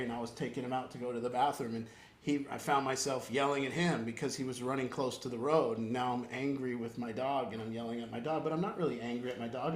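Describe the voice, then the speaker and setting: A man's voice: medium pitch, echoey room, slight background noise. A man leading an informal group talk as a recovery program counselor, earnest and emphatic, rambling with restarts.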